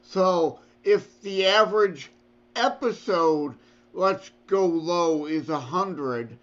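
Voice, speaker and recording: A man co-hosting a podcast, working through numbers out loud in casual chat. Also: high-pitched, animated, slow. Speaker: podcast co-host. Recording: dull, lo-fi mic.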